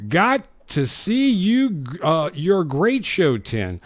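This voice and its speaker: This is a man hosting a casual live stream, working through viewer comments with quick jokes and laughs. His voice sits a little high and is very lively in pitch. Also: no room sound. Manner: jokey, laughs between comments. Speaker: live show host.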